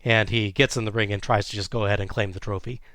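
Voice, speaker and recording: Podcast host, male, lower register, dry booth sound, steady play-by-play recap. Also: quick pace, dry recording. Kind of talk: casual recap narration.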